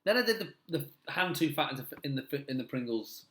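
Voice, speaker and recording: A middle-aged man from Manchester, a comedian, chats casually and laughs through rambling, self-deprecating anecdotes. His medium-pitched voice is sing-song, bright and forceful, fairly quick, with roomy echo in the recording.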